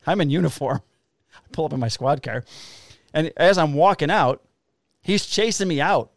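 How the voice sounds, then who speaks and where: A man, a police officer co-hosting a podcast, telling a story in a casual, animated way with a lot of swearing. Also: on the high side, normal speed, dry recording, studio quality. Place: Illinois.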